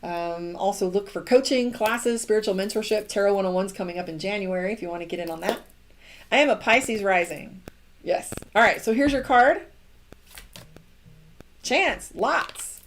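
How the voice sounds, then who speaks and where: Woman, middle-aged, tarot reader, chatty, encouraging, mid-pitched voice, casual live stream. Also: normal speed, a little hiss or hum. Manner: chatty and encouraging, acts out quoted lines.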